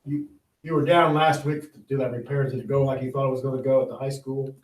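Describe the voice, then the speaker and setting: A man's voice: medium pitch, fairly even intonation, quick pace. Guy chairing a board meeting, kinda far from the mic, echoey, faint hiss. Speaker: school board president. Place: school board meeting room. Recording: echoey room, distant mic, faint noise.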